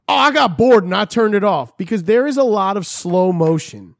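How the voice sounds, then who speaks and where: A man's voice: sits high, animated, normal speed, creaky, dry recording, clean studio sound. A man on a casual podcast, ranting profanely and acting out quotes as he talks. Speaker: podcast co-host. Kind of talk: casual chat.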